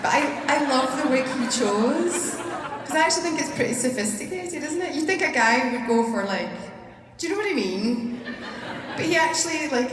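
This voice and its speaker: A woman's voice: high-pitched, lively intonation, normal speed. A Scottish woman, an actor and panel guest, tells rambling stories at a convention panel and laughs often. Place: large convention hall. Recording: echoey hall from far off. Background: hall ambience and noise.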